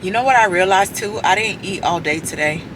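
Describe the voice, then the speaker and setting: A woman's voice: mid-range voice, brisk. A woman chatting casually to her vlog camera from her car. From Florida. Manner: chatty, animated storytelling, calls people baby. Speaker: vlogger. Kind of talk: casual chat to camera while driving. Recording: road noise from the car.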